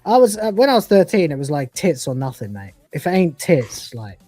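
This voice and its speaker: A man's voice: a little high, big pitch swings, a little fast, mellow, faint music behind. Crude, laughing man in his forties. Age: 40s. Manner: crude, swearing, laughing often. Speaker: podcast co-host reviewing episodes. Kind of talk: casual live review chat.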